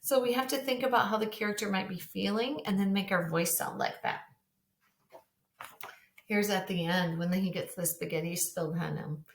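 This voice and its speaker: A woman's voice: fairly low pitch, fairly even intonation, normal speed, gravelly, a little hiss or hum. A woman teacher giving a recorded reading lesson, talking patiently and directly to young children. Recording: roomy echo.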